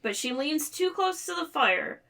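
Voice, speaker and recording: Podcast co-host, young adult woman, crisp and bright tone, animated storyteller who voices the characters. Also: high voice, a little slow. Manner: animated retelling, quotes characters in playful voices. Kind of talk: casual book discussion.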